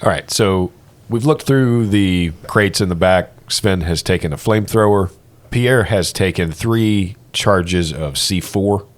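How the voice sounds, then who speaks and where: A man's voice: sits low, measured pace. A man playing a tabletop game, talking through plans in a matter-of-fact way. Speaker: player. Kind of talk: casual tabletop game chat.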